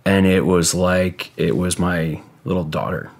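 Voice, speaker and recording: Brief: man with a very low voice, casual guest storyteller, rambling and halting, swears freely. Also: fairly even intonation, creaky.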